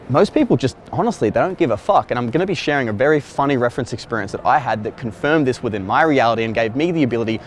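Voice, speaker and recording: A man's voice: medium pitch, slight background noise. Blunt, profane man. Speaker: dating coach. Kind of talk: casual storytelling to camera. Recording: echoey room.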